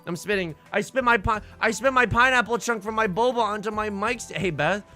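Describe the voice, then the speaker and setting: A young man casually chatting and commenting while streaming online mahjong, excitable and self-mocking, laughing often and jumping from loud outbursts to mumbled asides. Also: high-pitched, fairly quick, soft background music. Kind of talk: casual livestream chat and commentary.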